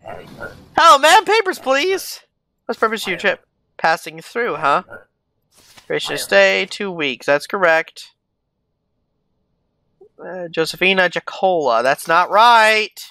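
A man's voice: high voice, animated, a little slow, gravelly, long pauses, sharp tone. A man giving casual let's-play commentary, reading documents aloud and muttering asides to himself. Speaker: gaming YouTuber.

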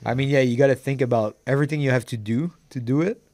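A man co-hosting a podcast in casual chat, thinking aloud in a measured way. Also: mid-range voice, a little mellow, no echo.

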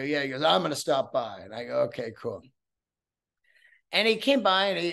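A middle-aged man hosting his own podcast, telling a story in a casual, excitable, profane way with many restarts. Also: medium pitch. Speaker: podcast host. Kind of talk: casual solo podcast monologue.

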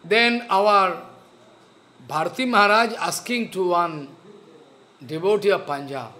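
A man giving a spiritual sermon, slow and earnest, repeating his phrases. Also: high-pitched, sharp tone. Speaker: spiritual teacher.

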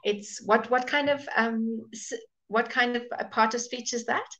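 A woman's voice: on the high side, steady tone, a little slow, fairly bright tone, low-quality recording. A woman teaching a live online English pronunciation lesson, patiently modelling words and greeting viewers by name.

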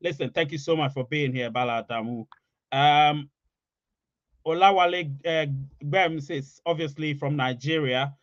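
A man's voice: on the high side, moderate pace, no echo. A man hosting a casual livestream, reading viewer comments and repeating his points for emphasis. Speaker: livestream host. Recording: dry, slightly dull audio.

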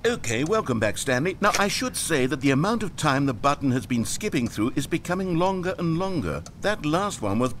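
A man's voice: a little high, sing-song, brisk, few pauses, a bit bright, a little hiss or hum. A man voicing a weary, dramatic video game narrator who is trapped with the player and swings between pleading despair and scorn.

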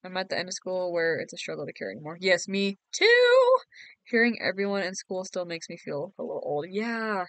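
A woman's voice: fairly low pitch, lively intonation, quick pace, hardly any pauses, fairly bright tone, dry recording. Giggly sleepy young woman streamer. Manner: giggly, teasing, sleepy and yawning. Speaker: game streamer. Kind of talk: casual live-stream chat.

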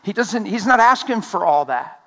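High bright guy preaching at a conference, fast and excited, laughing a lot. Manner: energetic, laughing, pleading. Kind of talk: sermon.

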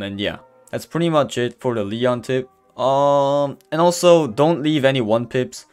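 A man giving a casual gameplay voice-over, rambling with many fillers and restarts and openly stumbling over his words. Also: mid-range voice. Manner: says he is stuttering and can barely speak. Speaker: gameplay commentator. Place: voice-over recorded apart from the footage. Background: faint background music.

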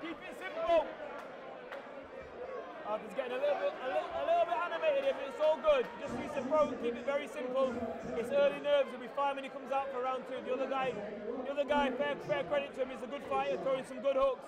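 A man giving excited live commentary at a boxing fight, shouting encouragement to the fighter. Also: very high-pitched, fast talker. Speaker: ringside commentator. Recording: loud crowd and noise at a boxing event.

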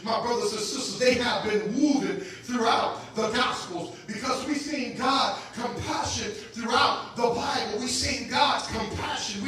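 Man preaching in a church, high voice, repeats his phrases, call-and-response, big echoey hall, heard from a distance. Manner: call-and-response preaching, building to shouted climaxes. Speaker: guest pastor. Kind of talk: sermon. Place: church sanctuary. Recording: very echoey church hall, voice from far off, music behind.

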